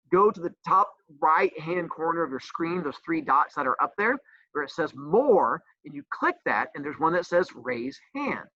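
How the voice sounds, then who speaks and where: A man's voice: on the high side, sharp tone, dry recording. A man teaching a middle school class over a video call, teasing and joking. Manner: teasing, joking, self-mocking. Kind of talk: online class talk. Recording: dull, dry video-call audio.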